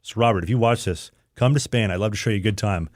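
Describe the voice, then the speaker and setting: A man's voice: on the low side, darkish tone, dry recording, clean studio sound. A young man hosting a podcast and chatting casually in a rambling, jokey way. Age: young adult. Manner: rambling, jokey, fast-talking. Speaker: podcast host, hockey player.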